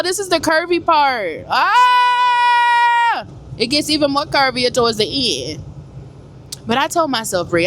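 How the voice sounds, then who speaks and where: Chatty woman trucker, lively pitch. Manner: animated, chatty, addresses viewers as y'all. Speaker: truck driver vlogger. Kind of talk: casual vlog chat to viewers. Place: truck cab on the highway. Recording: loud road and engine noise. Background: truck road noise.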